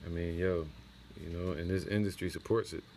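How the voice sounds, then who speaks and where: Man, very low voice, scripture lesson, slow verse reading, slangy asides, faint hiss behind. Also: fairly even intonation, darkish tone. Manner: reads scripture slowly, then comments in loose street slang. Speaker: teacher of a religious camp.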